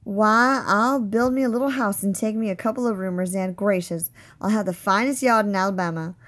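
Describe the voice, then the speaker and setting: A woman reading aloud, voicing a spirited older neighbor lady with folksy, lively speech. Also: medium pitch, brisk, natural voice.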